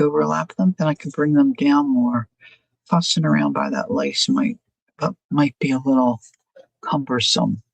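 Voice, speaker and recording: A woman's voice: rumbling low, vocal fry, husky, no room sound, low-quality recording. A woman leisurely works through a crafting project on a live stream, wondering aloud and checking in with her audience. Her voice has a faint huskiness and sits close and dry on the mic. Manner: chatty, muses aloud, asks viewers questions. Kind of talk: casual crafting demo, thinking aloud.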